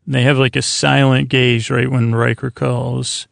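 A man casually recapping a TV episode as a podcast host, rambling and halting with many fillers. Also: mid-range voice, level tone, vocal fry, a bit bright, no room sound, studio quality.

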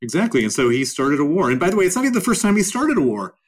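A man's voice: a little high, sing-song, racing. A man answering interview questions at length, emphatic and given to repeating his points. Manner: emphatic and repetitive. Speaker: interview guest.

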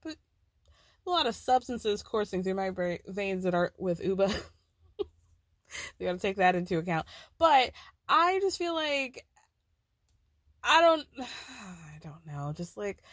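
A woman hosts a podcast recapping reality TV, her medium-pitched voice very animated yet measured in pace, with frequent pauses. The studio-quality recording has no room sound, and her casual recap is peppered with "like" and giggles.

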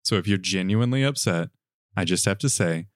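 Sex: male. Role: podcast co-host. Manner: playful ranting banter. Pitch: mid, very animated. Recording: dry. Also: brisk, no echo. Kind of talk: casual comedic chat.

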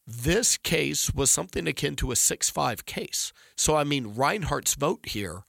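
A man's voice: a little high, lively intonation, a little slow, vocal fry, fairly bright tone, no room sound. A middle-aged man giving discursive, emphatic legal analysis in conversation, often restarting his sentences. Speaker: legal commentator.

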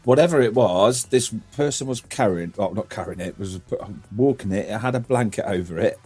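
A man's voice: on the low side, fairly quick, warm tone, slightly rough, faint music behind. A man hosting a casual podcast, rambling through stories, swearing freely and laughing often. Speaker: podcast host.

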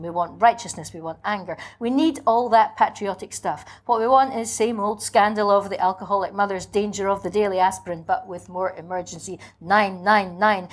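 A cold, cynical chorus of power-hungry manipulators reels off one demand after another, as a woman reads it aloud. The voice sits at an ordinary middle pitch. The delivery is relentless and chanting, like a dramatic literary reading. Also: close to an everyday voice.

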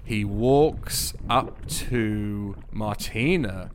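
A man runs a tabletop game as game master, narrating in a slow and unhurried way. His pitch sits in the middle, and his tone is amused. A faint ambience sits behind him. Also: a little hiss or hum.

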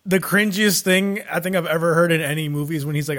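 A man's voice: a little high, a bit bright. A man with a slightly raised voice jokes and rants with his co-hosts and keeps putting on other people's voices. His talk is loose, full of "like" and "you know". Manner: joking and ranting, mimics voices, drawn-out "like". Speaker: podcast co-host. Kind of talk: casual banter.

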